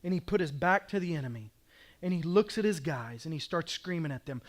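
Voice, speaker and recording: High-voiced man preaching with passion. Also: animated, brisk. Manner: passionate, emphatic preaching with repeated declarations. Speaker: pastor. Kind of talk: sermon.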